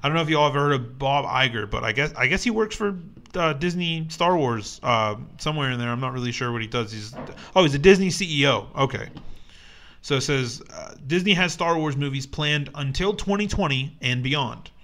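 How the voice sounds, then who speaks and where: A man's voice: mid-range voice, lively intonation, fairly quick, a bit bright. A young man co-hosting a podcast in casual chat, rambling with lots of fillers and restarts, and reading news aloud. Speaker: podcast co-host.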